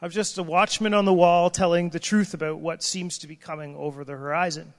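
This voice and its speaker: A man with a fairly high, steady voice preaches an impassioned sermon at a fairly quick pace in a space with long hall reverb. He grows emotional, crying out in prayer and breaking off mid-sentence.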